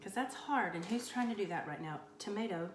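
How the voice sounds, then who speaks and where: A woman's voice: medium pitch, animated, a little fast, echoey room, noisy background. A woman hosting a comedic cooking show on a live stream, rambling through a mock-boastful, tongue-in-cheek story.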